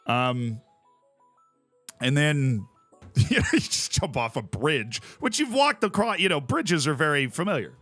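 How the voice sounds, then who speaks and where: A man streaming a game, telling stories in a casual, animated way and laughing often. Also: on the high side, unhurried, dry recording, soft background music. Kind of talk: casual chat while playing a game.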